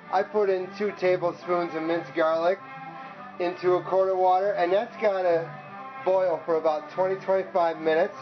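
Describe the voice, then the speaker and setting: A man's voice: sits high, lo-fi sound. A man hosting his own casual cooking vlog, chatty and joking, upbeat. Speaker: cooking show host.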